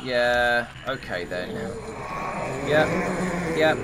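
A man's voice: fairly high pitch, wildly swooping pitch, takes it slowly, long pauses, noisy background. A man giving live commentary over his own gameplay, thinking aloud and swearing at the game in exasperation. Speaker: gaming commentator. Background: game music.

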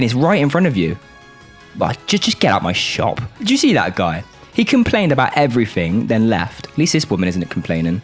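Excitable lad playing a game. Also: male voice, a little fast, slightly rough, soft background music. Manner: excitable, exasperated, swings between high outbursts and low grumbles. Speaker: gaming YouTuber. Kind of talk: game commentary.

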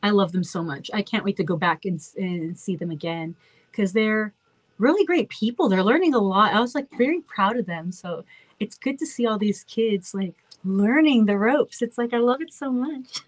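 A woman's voice: mid-range voice, expressive, normal speed, a little hiss or hum, rough recording. Chatty woman with a childlike voice. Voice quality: childlike, slightly babyish voice. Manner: chatty, warm-hearted, rambling with self-interruptions. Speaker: host of a virtual meet and greet. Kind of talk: casual chat with fans. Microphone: phone.

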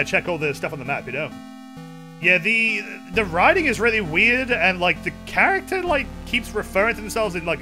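High, animated male streamer over game music. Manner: excitable, swears often, yells at the game. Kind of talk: casual gameplay commentary.

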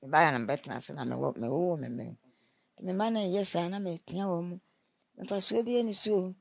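A woman in her nineties from Ghana, telling her life story in an interview and giving advice with lively quoted speech. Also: on the low side, quick pace, vocal fry, no echo. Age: 90s. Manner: animated, advising, acts out quoted speech.

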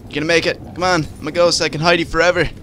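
A man's voice: on the high side, rapid-fire, slight background noise. A man hosting a casual let's-play, commenting over the game in a playful, profane way. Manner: animated, playful and profane, talking over gameplay. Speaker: gaming channel host.

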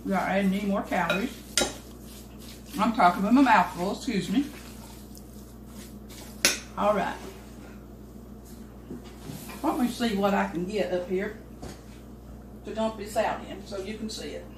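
A woman's voice: medium pitch, measured pace, long pauses, noisy background. An older woman, hosting a home cooking video, chatting folksily with her cameraman as she cooks. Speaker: home cooking channel host. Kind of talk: casual home cooking demonstration. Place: home kitchen. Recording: echoey kitchen with clattering dishes.

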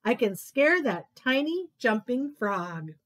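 A woman voicing a small, clumsy tiger cub who is eager to be scary, in a high, squeaky, indignant voice. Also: sing-song, slow pace, fairly bright tone, full character voice. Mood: determined.

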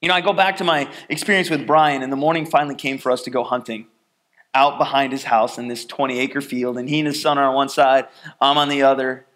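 A man preaching a sermon, telling a personal story in a chatty, animated way and acting out the scenes. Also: mid-range voice, fast talker. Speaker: pastor.

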